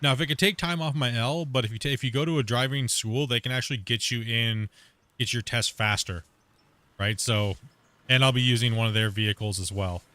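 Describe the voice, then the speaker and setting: A man's voice: mid-range voice, fairly quick, pushed and bright, no echo. A man from Canada streaming a game and chatting casually, rambling with many fillers and restarts. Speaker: streamer host. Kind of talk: casual chat while gaming.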